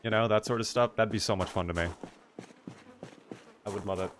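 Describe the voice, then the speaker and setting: A man's voice: lowish voice, steady tone, a little fast, heavy background noise. A man streaming a video game and chatting casually with his audience. He talks in a loose, rambling way, with plenty of "like" fillers. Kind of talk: casual live-stream chat.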